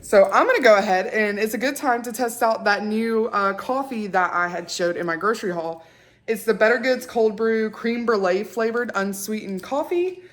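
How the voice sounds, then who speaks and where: A young woman, chatting casually to camera, excitable and full of fillers. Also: medium pitch, moderate pace. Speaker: vlogger.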